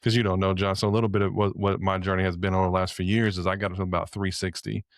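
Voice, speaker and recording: Man, very low voice, measured and reflective, dry close sound. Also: little pitch movement, no room sound. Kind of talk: casual chat.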